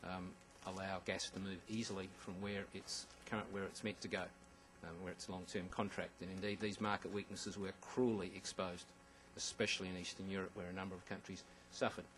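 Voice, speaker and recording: A man's voice: low voice, flat delivery, a little fast, hardly any pauses, fairly bright tone, rough recording. A man giving a conference presentation about slides, with wry asides and frequent ums and restarts. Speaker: conference speaker.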